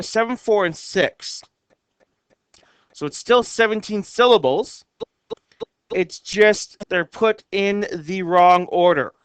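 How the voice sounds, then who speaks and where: A man teaching a lesson, slowly counting the syllables of short poems and reading their lines aloud word by word. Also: high-pitched, fairly bright tone, clean tone, dry recording. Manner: slow and careful, reads lines out word by word. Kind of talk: explaining haiku syllable counts.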